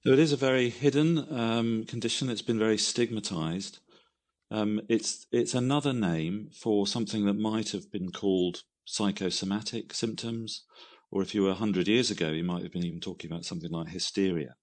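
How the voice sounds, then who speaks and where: A man, a neurologist, giving a measured expert explanation as a guest on a radio program. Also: on the low side.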